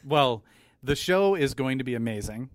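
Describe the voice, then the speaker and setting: A man's voice: mid-range voice, lively intonation, moderate pace, dry recording, clean studio sound. A man who hosts a podcast, talking with enthusiasm and repeating words as he builds a point. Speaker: podcast host. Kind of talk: casual chat.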